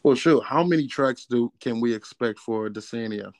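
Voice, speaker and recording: Young male host, middle pitch, dry close sound; animated, playful, hypes his guest. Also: normal speed, no room sound. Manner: animated storyteller, playful and hyped. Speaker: interview host. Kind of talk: casual interview chat.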